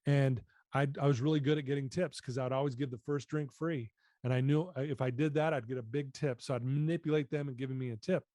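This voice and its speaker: Earnest man in his fifties, mellow voice. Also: medium pitch, fairly even intonation, quick pace, hardly any pauses, no echo, clean studio sound. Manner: earnest, emotional storyteller. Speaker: guest. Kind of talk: storytelling in a podcast interview.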